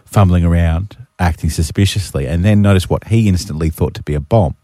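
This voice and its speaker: A man's voice: deep voice, fairly quick, dark tone, no echo, clean studio sound. An Australian man hosting a radio show, telling stories in a chatty, matey way. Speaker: radio host. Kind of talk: breakfast radio banter. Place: radio studio. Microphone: studio mic.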